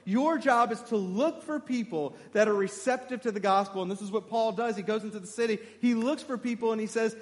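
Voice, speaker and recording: A man preaching a sermon, animated and emphatic, putting questions to his congregation. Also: sits high, brisk, few pauses, long reverb tail.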